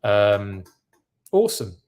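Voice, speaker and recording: A man's voice: fairly low pitch, very animated, takes it slowly, a little mellow. A man hosting a live podcast who reacts to news in a casual, rambling way and keeps correcting himself. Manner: rambling, self-correcting, chatty. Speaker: podcast host.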